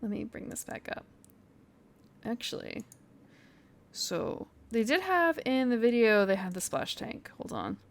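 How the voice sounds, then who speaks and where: A woman's voice: on the high side, sing-song, unhurried, vocal fry, long pauses. A woman streamer chatting casually on a live stream, thinking aloud, muttering to herself and sounding out foreign phrases.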